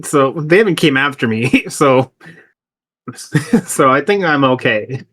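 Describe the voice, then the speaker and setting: A man's voice: mid-range voice, animated, a little slow, a bit bright. A man playing a tabletop game, rambling casually and laughing through his lines. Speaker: player.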